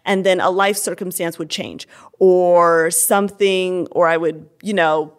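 A woman's voice: on the low side, fairly even intonation, a little slow. Earnest young woman sharing testimony. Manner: earnest, candid, many fillers and restarts. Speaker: interview guest. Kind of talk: personal testimony in conversation.

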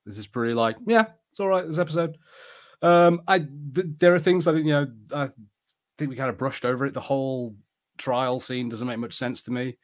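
A young man co-hosting a podcast in casual chat, full of fillers and now and then rushing into fast spurts. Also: mid-range voice. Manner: chatty, filler-heavy, spurts of fast talk. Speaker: podcast co-host.

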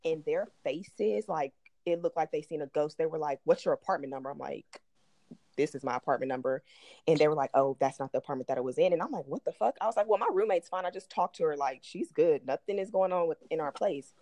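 A woman, co-hosting a podcast and telling a story in casual chat, animated and profane, acting out what people said. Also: sits low, fast talker, no echo. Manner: animated, profane, acts out quotes. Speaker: podcast co-host.

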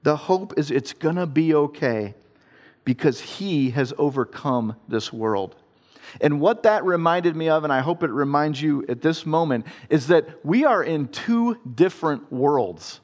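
A man from Ohio telling a personal story in a conversational way and turning it into an earnest devotional talk. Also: on the high side. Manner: earnest, conversational storytelling with self-deprecating laughs. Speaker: father telling a faith story.

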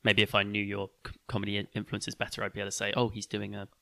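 A man's voice: lowish voice, monotone, racing, vocal fry, sharp tone. A young man hosting a podcast, telling a story in a rambling, chatty way full of fillers. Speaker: podcast host. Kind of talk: casual storytelling chat.

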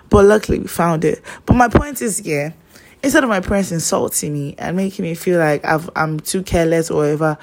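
A woman's voice: on the low side, a little fast, darkish tone. A young woman, chatting casually and telling personal stories, rambling with lots of fillers. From Nigeria.

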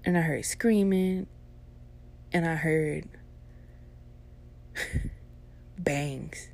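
A woman's voice: sits low, drawn-out words, gravelly, pauses often, a little mellow, a little hiss or hum. A young adult woman telling a personal story in a casual, laid-back and profane way.

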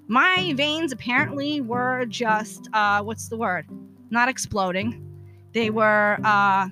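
A woman's voice: on the high side, fairly bright tone. A woman hosting a podcast, telling a personal story in a profane, exasperated rant. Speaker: podcast host.

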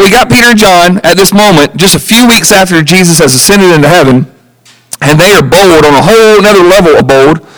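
A man with a notably high voice preaches a sermon from the pulpit. He stays animated throughout, slipping into the voices of the people he quotes and chuckling at his own asides. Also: rough recording. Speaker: pastor.

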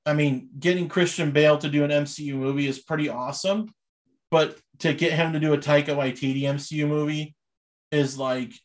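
A young man chatting casually as a podcast host, rambling and enthusiastic with many fillers. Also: a little high. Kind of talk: casual chat.

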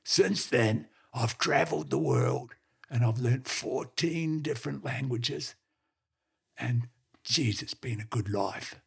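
A man doing a gruff old talking dog. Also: mid-range voice, sing-song, slow, heavily acted. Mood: cheerful. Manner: boastful yarn-spinner, barks "boof".

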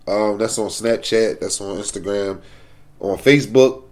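A man speaking as a podcast guest in casual chat, laid-back and spelling things out slowly. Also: fairly low pitch, darkish tone.

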